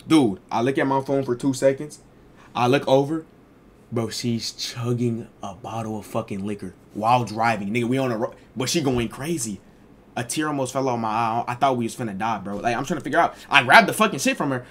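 A young adult man streamer telling a casual storytime, animated, slangy and profane. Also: mid-range voice, fairly quick.

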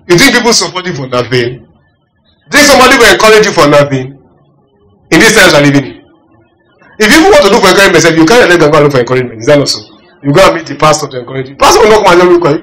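A man preaching a sermon, asking the congregation "are you getting me" and swinging between loud emphasis and quiet asides. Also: a little high, low-quality recording. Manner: animated preaching with call-and-response questions. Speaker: pastor.

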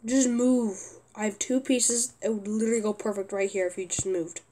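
A young woman commenting on her own gameplay, often exasperated and yelling at a teammate. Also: medium pitch, fairly even intonation, a little fast. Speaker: gaming youtuber.

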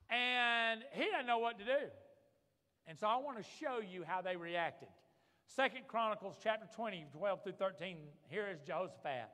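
A man's voice: high-pitched, bright, forceful tone. A man preaching a sermon as pastor, fervent, calling out for amens from the congregation. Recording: long reverb of a large hall.

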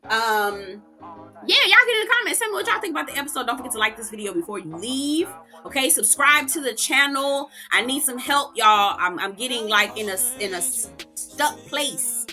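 A woman hosting a casual, profane, animated reality-TV recap. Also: fairly high pitch, normal speed, faint music behind. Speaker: TV recap host.

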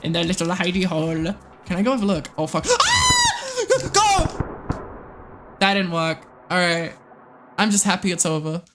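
Excitable swearing woman game streamer. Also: fairly low pitch, moderate pace, pauses often, raised voice, background noise. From United States. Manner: excitable, swings between muttering and squealing shrieks, swears a lot. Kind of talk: live gameplay commentary.

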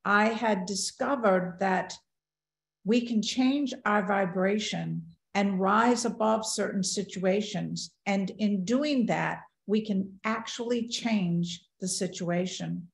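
Older woman, mid pitch, first-person storyteller who acts out her own thoughts, roomy sound. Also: slow pace, creaky. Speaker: near-death experience speaker. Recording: roomy echo.

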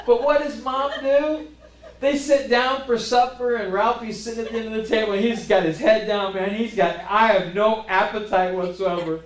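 A pastor delivering a sermon, telling rambling family stories with false starts and self-deprecating humor. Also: male voice, extremely high pitch, reverberant.

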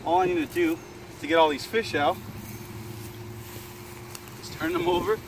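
A man hosting a casual outdoor fishing vlog by a pond, excitable and laughing a lot. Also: a little high, moderate pace, noisy background. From South Florida. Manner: excitable, laughs and yelps often. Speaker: fishing vlogger host.

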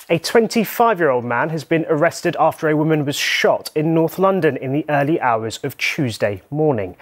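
A man presenting a regional news bulletin, reading scripted headlines in a measured, even way. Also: a little high.

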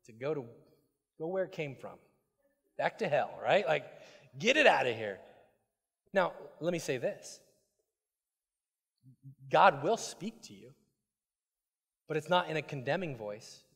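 A man preaching a sermon as pastor, swinging between loud emphasis and hushed asides and often repeating words as he restarts. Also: medium pitch. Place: church sanctuary. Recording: long hall reverb.

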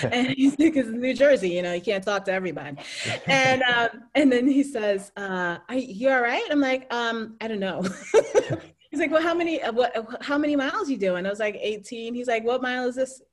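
Animated storytelling woman. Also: fairly high pitch, unhurried. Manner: animated, laughs often, acts out quoted voices. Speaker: guest. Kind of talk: casual interview storytelling.

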